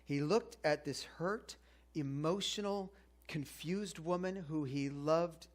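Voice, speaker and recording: A man's voice: on the high side, takes it slowly. A man preaching a sermon in a casual, conversational way, asking the congregation questions as he goes. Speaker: pastor.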